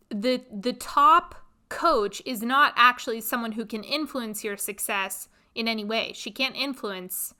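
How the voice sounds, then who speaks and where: A woman hosting a podcast, telling a personal story in a blunt, expressive, animated way. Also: mid-range voice. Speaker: podcast host. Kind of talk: casual storytelling monologue.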